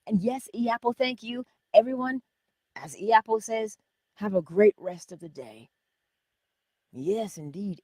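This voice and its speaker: A woman hosting a morning inspiration livestream, chatting casually and warmly about spiritual ideas. She laughs often and drops into whispers to stress her points. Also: medium pitch, measured pace, pauses often, dry recording, clean studio sound. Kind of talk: casual spiritual pep talk.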